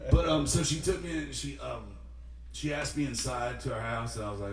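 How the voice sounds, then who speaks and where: A man's voice: mid-range voice, brisk, a little hiss or hum. A young man, a singer-songwriter, tells a rambling, self-deprecating story between songs at a live-streamed studio show. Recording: roomy studio, mic at a distance.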